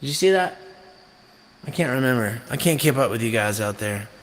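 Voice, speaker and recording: A man from North Carolina, a musician chatting to his live-stream viewers in a rambling, jokey, animated way. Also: mid-range voice, a little fast. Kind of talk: casual chat on a live stream.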